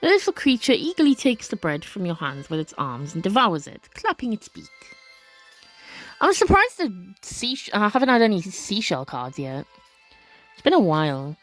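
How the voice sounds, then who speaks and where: Animated woman playing a game aloud. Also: mid-range voice, normal speed, faint music behind. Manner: expressive, gasping reactions, chatty asides. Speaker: let's play creator. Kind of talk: casual game commentary and reading game text aloud.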